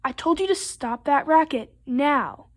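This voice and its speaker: A woman's voice: high voice, animated, moderate pace, warm tone. A woman voicing a stern, exasperated father frog in a storybook reading, firm and scolding.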